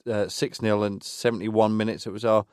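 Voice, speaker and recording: A man's voice: fairly low pitch, level tone, normal speed, darkish tone, clean tone, no room sound, clean studio sound. A man co-hosting a podcast, recapping a football match goal by goal in casual chat. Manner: recaps goals and minutes from notes. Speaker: podcast co-host.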